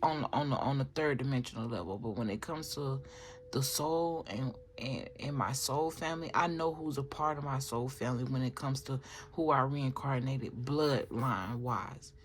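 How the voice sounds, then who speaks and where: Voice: mid-range voice, moderate pace, a little hiss or hum. A tarot reader giving a casual spoken reading, rambling with restarts and filler asides, and talking straight to viewers. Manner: chatty, addresses viewers directly.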